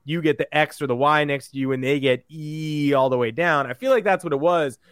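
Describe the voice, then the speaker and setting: A man co-hosting a sports podcast in casual chat, telling stories in an animated way and acting out what others said. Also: on the high side, a little fast, smooth, no room sound, studio quality. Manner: animated storyteller who acts out quotes.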